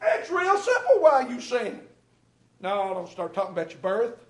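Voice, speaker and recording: A man preaching a sermon to his congregation, building to shouts and then dropping to quick asides. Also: very high-pitched, wildly swooping pitch. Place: church hall. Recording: echoey hall, mic at a distance.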